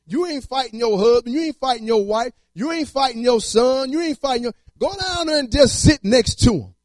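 Very high-voiced male preacher, dry sound. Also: animated, moderate pace, no echo. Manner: repetitive, rhythmic preaching with colloquial speech. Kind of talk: sermon.

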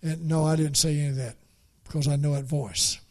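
A man preaching a folksy story, halting and repeating words as he goes. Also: a little high, steady tone. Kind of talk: storytelling sermon.

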